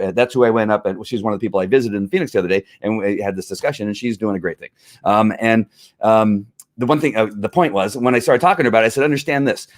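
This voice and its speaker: A middle-aged man hosting a live stream on police training, talking in an earnest, fired-up way with many restarts and fillers. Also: on the low side. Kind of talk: live-streamed casual talk.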